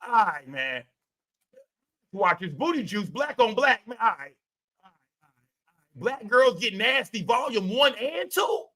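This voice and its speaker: A man hosting a livestream, loud and profane, reacting to his chat in casual commentary. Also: high voice, very animated, unhurried, pauses often. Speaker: livestream host.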